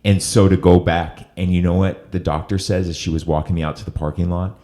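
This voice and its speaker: A man with a very deep voice, middle-aged, telling a personal recovery story to his guest. He talks earnestly and gets emotional, and his low voice stays steady under it. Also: a little fast. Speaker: host. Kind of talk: interview storytelling.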